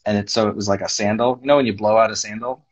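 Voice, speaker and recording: Husky-voiced man, lo-fi call audio. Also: fairly low pitch, very fast. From North America. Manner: animated storyteller, acts out quoted voices. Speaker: skating judge and former pair skater. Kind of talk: casual interview chat.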